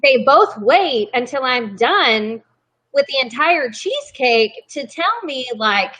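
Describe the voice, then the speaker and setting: A woman's voice: sits high, very animated, slow pace, fairly bright tone. Chatty young woman telling a story. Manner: chatty, self-interrupting, apologetic. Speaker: guest. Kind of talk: casual storytelling chat.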